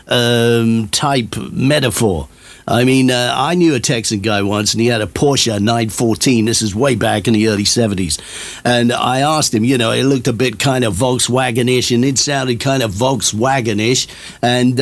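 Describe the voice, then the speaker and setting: A man's voice: mid-range voice, dry recording. An older man presenting a radio show in a rambling, chatty way full of fillers.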